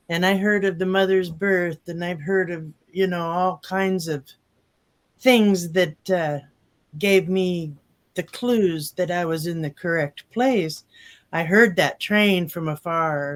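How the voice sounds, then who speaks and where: High-voiced older man, folksy and rambling. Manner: rambling, folksy, with many fillers. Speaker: testimonial speaker. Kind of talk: casual personal testimony.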